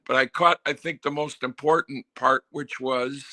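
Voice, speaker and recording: A man's voice: medium pitch, fairly even intonation, normal speed, pushed and bright. A man calling in to a sports show, chatting in a friendly way and thinking aloud with fillers. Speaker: caller. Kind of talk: casual call-in chat.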